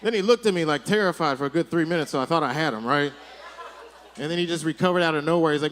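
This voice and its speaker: A man's voice: on the high side, quick pace, fairly bright tone, a little hiss or hum. A male stand-up comedian doing a rambling set on a comedy club stage, speaking into a handheld mic and checking in with "right?" again and again.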